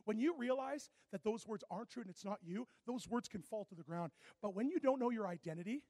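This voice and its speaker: A man's voice: high-pitched, a little fast, dry recording. A man preaching a sermon as a pastor, telling stories dramatically and often turning to the audience. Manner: animated, dramatic storytelling with plenty of asides to the audience.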